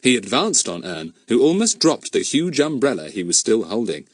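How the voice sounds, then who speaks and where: A man narrating a children's storybook in an expressive storytelling manner. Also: medium pitch, moderate pace, husky, no echo, studio quality. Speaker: audiobook narrator. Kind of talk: scripted narration.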